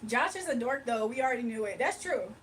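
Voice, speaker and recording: The livestream host has a fairly high, animated and slightly bright voice and talks fairly quickly. She chats with viewers in a loose, joking way, laughing often, recorded from a distance over faint background noise.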